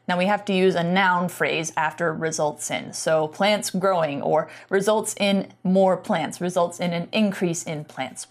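A woman teaching English vocabulary, explaining patiently with casual fillers. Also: medium pitch. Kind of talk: explaining vocabulary in a bilingual lesson.

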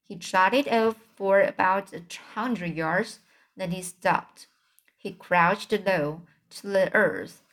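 A woman reading a children's novel aloud in a slow, halting way, often restarting words. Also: mid-range voice, a bit bright. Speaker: reader.

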